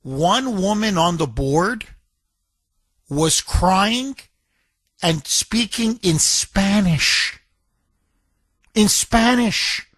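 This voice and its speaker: Male talk radio host, sarcastic and outraged, bright tone, dry studio mic. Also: high-pitched, lively intonation, very slow, long pauses, no room sound. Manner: mocking, indignant, mimics others in a whiny voice. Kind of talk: opinionated talk radio monologue.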